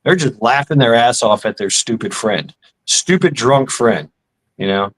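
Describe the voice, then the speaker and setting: A middle-aged man spins loose, rambling stories in a voice of ordinary pitch, sprinkled with curses and filler words. He drops into the voices of the people he describes as he goes. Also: animated, a little slow, a bit bright, rough recording. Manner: rambling, profane, acts out other people's lines. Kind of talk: casual storytelling.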